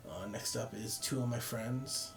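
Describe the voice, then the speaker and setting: A young man who vlogs about photography walks through his pictures in casual, rambling chat, tired and yawning, self-deprecating and chuckling at his own jokes. His medium-pitched, fry-tinged voice is a little slow, with music in the background.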